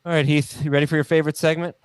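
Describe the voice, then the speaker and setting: A man's voice: fairly high pitch, little pitch movement, very fast, clear, resonant tone, no room sound. A man hosting a casual sports podcast, joking around and reading listener emails aloud with laughs. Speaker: podcast host.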